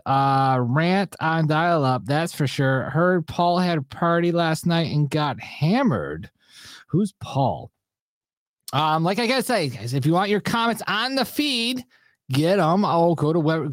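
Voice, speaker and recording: Lively-voiced man hosting a livestream. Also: fairly high pitch, no room sound, studio quality. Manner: shouts out viewers, loose and joking. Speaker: livestream show host. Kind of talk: casual livestream chat.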